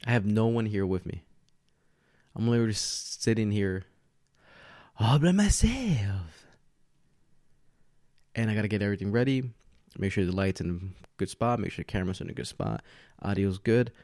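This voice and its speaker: A man's voice: lowish voice, a little fast, a little mellow, no room sound, studio quality. A man hosting a podcast alone at home, a bit tipsy from tequila, chatting in a loose, rambling way and laughing often. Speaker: podcast host. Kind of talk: casual solo podcast chat. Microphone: podcast mic with camera setup.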